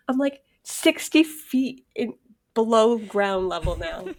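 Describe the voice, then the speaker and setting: Female co-host, casual chat, dramatic and expressive, some vocal fry. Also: a little high, normal speed. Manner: animated, dramatic, acts out her own reactions. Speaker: podcast co-host.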